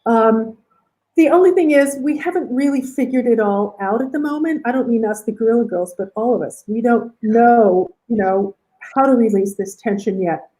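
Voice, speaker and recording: Woman guest artist, warm mellow tone, wry and deliberate, video call. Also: fairly high pitch, low-quality recording. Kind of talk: casual video call interview.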